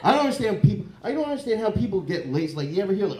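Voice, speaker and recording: A man works through a crude, rambling stand-up set on a comedy club stage, and his voice sits a little high for a man. He keeps breaking into loud mock voices. The handheld mic picks up an echoey room around him. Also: big pitch swings, racing.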